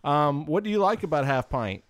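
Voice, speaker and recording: A man's voice: on the high side, expressive, moderate pace, dry recording. A man hosting a casual podcast chat, teasing his guests and egging them on in an upbeat way. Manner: teasing, upbeat, eggs others on. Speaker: host.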